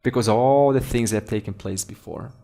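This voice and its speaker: A man's voice: mid-range voice, brisk, dark tone. A man teaching a spiritual lesson through a story, conversational and asking his listeners questions. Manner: conversational, asks the audience questions. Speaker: Vedanta teacher.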